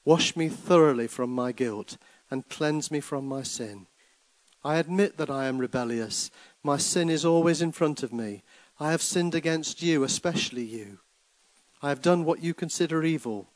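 Soft-spoken male preacher. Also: fairly high pitch, moderate pace, no room sound, rough recording. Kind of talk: sermon with poem reading.

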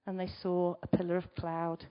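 A woman giving a conversational sermon, asking the congregation rhetorical questions and moving between loud emphasis and quiet asides. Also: on the low side, monotone, moderate pace. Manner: chatty, asks the listeners rhetorical questions. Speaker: preacher. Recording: slightly dull recording.

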